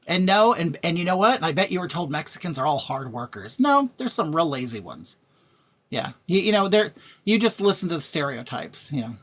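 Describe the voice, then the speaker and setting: A woman's voice: sits low, sing-song, a little fast. A woman talking bluntly to her live-stream chat, thanking viewers by name and repeating her points in a ranting way. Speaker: livestreamer reading chat. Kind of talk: casual live-stream rant.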